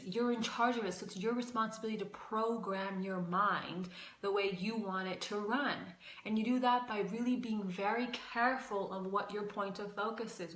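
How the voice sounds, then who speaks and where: A woman's voice: medium pitch, a bit bright. Casual woman coaching, echoey room. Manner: casual and emphatic, repeats phrases, swears at times. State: out of breath. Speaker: life coach and spiritual teacher. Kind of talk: casual livestream teaching.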